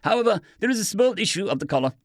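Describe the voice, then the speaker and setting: A captive doctor with a thick German accent, put on by a man, calm and formal in a stilted way. His voice sits higher than the narration and moves a lot. The sound is dry and close, like an audiobook booth. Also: very fast, no room sound.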